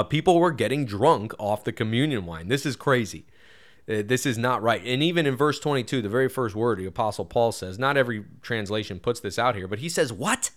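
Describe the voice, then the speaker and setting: A man who preaches at a Baptist church gives a casual, earnest Bible lesson. He grows louder and higher when stressing a point. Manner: casual and earnest, with frequent "you know" fillers. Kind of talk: conversational Bible teaching.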